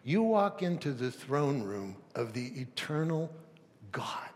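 A man preaching a sermon as pastor, swinging from loud emphatic peaks to soft near-whispers, with rhetorical questions and stammered restarts. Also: medium pitch, animated, a little slow. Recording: long reverb of a large hall.

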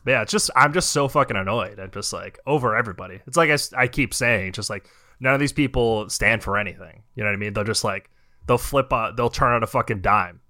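A young adult man co-hosting a podcast, ranting and swearing in a casual chat and mocking people in quick impressions. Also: fairly low pitch, bright, forceful tone, no room sound, clean studio sound. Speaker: podcast co-host.

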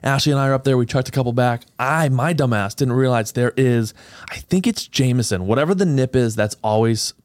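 A male podcast host recounting stories with lively, laughing energy. His voice sits at an ordinary middle pitch. The recording is close and dry. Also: fairly quick, no echo. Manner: animated, laughing storyteller. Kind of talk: casual storytelling chat.

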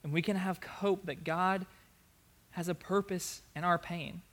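A man's voice: high voice, fairly even intonation, measured pace, fairly bright tone. A man preaching a sermon as pastor, earnest and emphatic, repeating his key phrases.

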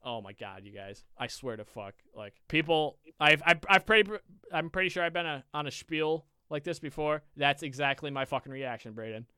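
A man's voice: on the high side, lively intonation, normal speed, bright, forceful tone, clear, resonant tone, dry recording. A young man co-hosting a podcast, telling a long rambling story full of swearing and "I was like". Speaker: podcast co-host. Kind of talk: casual storytelling chat.

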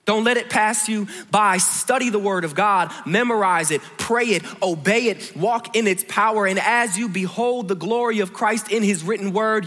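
A man preaching a sermon, telling a story and moving between hushed and emphatic delivery. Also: high voice, long reverb tail. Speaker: pastor. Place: large church hall.

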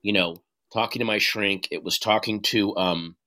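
A man being interviewed, speaking candidly and earnestly in halting bursts, with frequent restarts and some swearing. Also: lowish voice. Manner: earnest, halting, profane, animated retelling. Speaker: guest.

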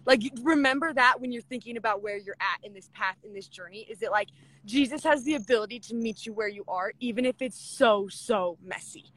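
A woman's voice: fairly high pitch, a little fast, fairly bright tone. A young woman giving a casual, gushing scripture talk, packed with "like" and retelling stories as chatty back-and-forth. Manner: gushing, filler-heavy with constant "like". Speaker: devotional speaker.

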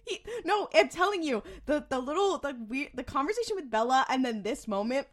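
A woman's voice: high voice, a little fast. A woman co-hosting a podcast, recapping episodes in casual chat and acting out the characters' lines with many laughs. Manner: animated, acts out characters, laughs often. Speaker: podcast co-host.

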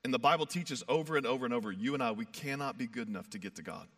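Bright-voiced man preaching an emphatic sermon. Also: mid-range voice, lively intonation, racing. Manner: emphatic, builds to fired-up peaks then drops soft; conversational, uses "like" and "you know". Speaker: pastor.

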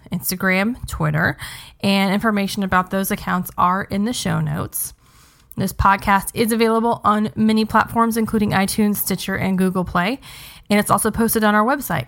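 Chatty woman podcast host, gravelly edge. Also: medium pitch, steady tone, moderate pace, fairly bright tone. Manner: chatty, upbeat, frequent ums. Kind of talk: casual podcast chat.

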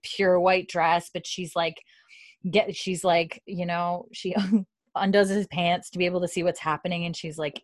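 A woman hosting a casual podcast chat, retelling scenes and acting out the characters' lines. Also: lowish voice. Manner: animated storyteller, acts out characters' lines. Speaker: podcast host recapping a show.

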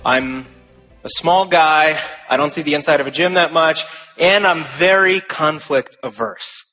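A man's voice: on the high side, a little slow, sharp tone, soft background music. A young man giving a speech to an audience, telling stories with earnest emphasis and flashes of humor. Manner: emphatic rhetorical phrasing. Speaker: speaker.

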